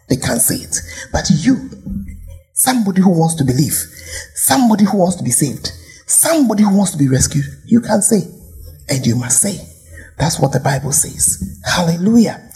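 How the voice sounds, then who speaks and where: Animated Ghanaian woman pastor preaching. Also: fairly low pitch. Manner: animated preaching, rhetorical questions, dropping to whispers. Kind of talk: sermon.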